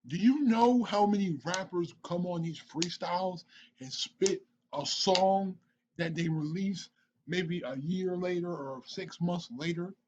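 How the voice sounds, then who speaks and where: A man hosting a reaction video, talking excitedly, stammering and repeating himself. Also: sits high, measured pace, dull audio, a little hiss or hum. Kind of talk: casual reaction commentary.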